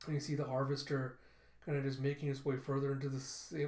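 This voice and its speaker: A man's voice: medium pitch, monotone, a little fast, a little mellow, reverberant. A man casually narrating a comic book read-through, loose and hesitant with fillers. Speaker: comic reviewer.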